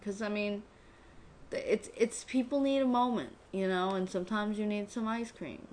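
A woman's voice: mid-range voice, moderate pace, a little hiss or hum. Female podcast co-host: loose, profane TV recap chat that keeps jumping into character voices. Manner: profane, animated, acts out characters' lines. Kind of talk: casual chat.

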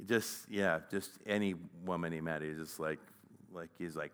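Man in his 40s, low smooth voice, conversational conference speaker with a halting delivery. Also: fairly even intonation, fairly bright tone. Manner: conversational, halting, with frequent fillers. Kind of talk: personal storytelling talk.

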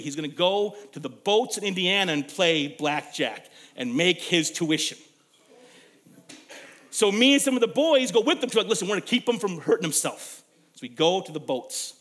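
Male preacher, young adult, high voice, storytelling sermon, loud then hushed. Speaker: pastor.

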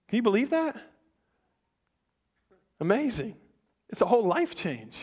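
A young adult man preaching a sermon to a congregation in a conversational, animated way, often restarting his sentences and acting out the people in the story. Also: high-pitched, measured pace, long pauses, slightly rough. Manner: conversational, animated, self-interrupting. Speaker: pastor. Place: church before a congregation.

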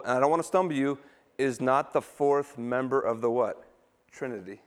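A middle-aged male pastor preaching a sermon, emphatic and quizzing the congregation with questions as he reads scripture. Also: medium pitch.

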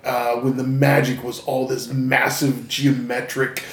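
A man's voice: mid-range voice, little pitch movement, measured pace. A man co-hosting a casual podcast, meandering through his thoughts with many fillers. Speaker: podcast co-host. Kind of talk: casual chat. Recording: roomy echo.

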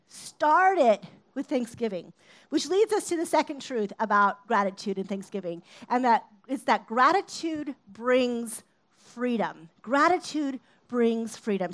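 Woman preaching a chatty sermon. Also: high voice. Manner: conversational, acts out shouted quotes.

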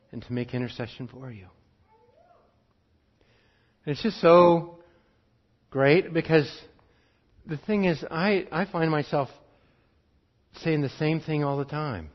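A man preaching a sermon in an earnest way, switching between urgent bursts and quiet, drawn-out phrases. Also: medium pitch, highs cut off.

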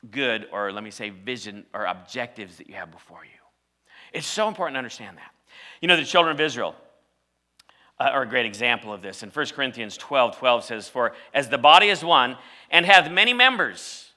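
Male pastor, very bright voice, sermon storytelling with loud emphatic peaks. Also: medium pitch.

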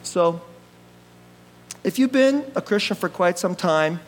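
A male pastor preaching a sermon in an animated, jokey manner, laughing often and swinging between loud bursts and quiet asides. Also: high-pitched, slow pace, low-quality recording.

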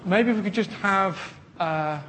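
A man preaching a sermon, earnest and animated, often repeating words as he builds to a point. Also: high-pitched, slow, slight background noise. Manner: animated storytelling with acted quotes. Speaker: pastor.

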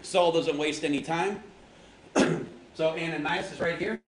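A man's voice: fairly high pitch, measured pace, a little hiss or hum. Joking man teaching in an echoey hall. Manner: joking, quizzes the audience, slangy. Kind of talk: casual Bible lesson to a group. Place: large room with an audience. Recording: echoey hall with faint ambience.

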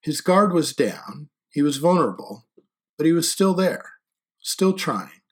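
Husky-voiced man narrating a story. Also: fairly high pitch, very animated, unhurried. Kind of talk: audiobook narration.

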